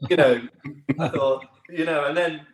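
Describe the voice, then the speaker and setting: A man from the United Kingdom, an actor, telling anecdotes in an interview with lively delivery and frequent laughter. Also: a little high, measured pace. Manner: lively storyteller, laughs often, acts out other voices. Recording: roomy echo.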